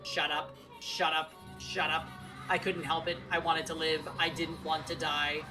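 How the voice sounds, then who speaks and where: A woman's voice: deep voice, flat delivery, a little slow, recorded from a distance. A woman voicing a haunted, violent man who calls himself a beast, in a tormented, desperate manner. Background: game music.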